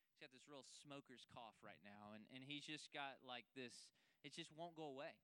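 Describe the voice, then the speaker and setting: A man's voice: mid-range voice, moderate pace, bright, forceful tone, clear, resonant tone, dry recording. A middle-aged man, a pastor, preaching a sermon in an earnest, emphatic way, repeating phrases for weight.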